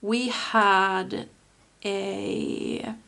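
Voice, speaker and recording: A woman giving a spoken tarot reading, soft and earnest, with many fillers. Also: medium pitch, steady tone, extremely slow, gravelly. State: tearful, emotional. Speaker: tarot reader.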